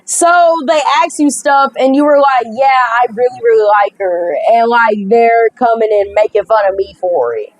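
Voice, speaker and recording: A woman's voice: fairly high pitch, moderate pace, hardly any pauses, no room sound, low-quality recording. A young woman, a gaming creator, reads a dating sim aloud and reacts with sassy, joking commentary, often stumbling over her words. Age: young adult.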